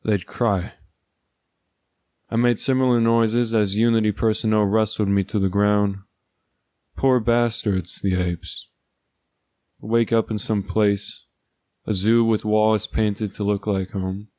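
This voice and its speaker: A man's voice: on the low side, little pitch movement, slow pace, a little mellow, smooth, dry recording. A man narrating a first-person story in a dry, sardonic manner.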